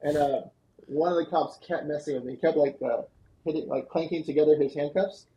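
A man, a guest on a podcast, telling a long story in an animated, fast-moving way. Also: fairly high pitch, highs cut off. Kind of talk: storytelling interview answer. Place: podcast studio.

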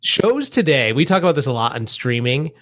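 A man's voice: mid-range voice, very animated, a little fast. Stuffy-nosed man, rambling podcast chat. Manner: rambling, self-correcting, laughs often. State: stuffy, congested. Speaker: podcast co-host. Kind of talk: casual chat. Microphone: remote recording, sound slightly off.

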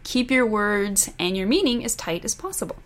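A woman author explaining fiction editing lessons in a scripted, deliberate narration that stresses key words. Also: mid-range voice, very animated. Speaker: author teaching writing.

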